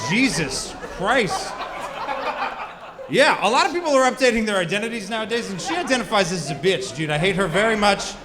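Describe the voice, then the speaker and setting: Crude high-voiced stand-up comic man. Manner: crude, self-mocking, chatty with the crowd. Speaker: stand-up comedian. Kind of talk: stand-up set. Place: comedy club stage. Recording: live club with reverb and loud crowd. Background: audience laughter.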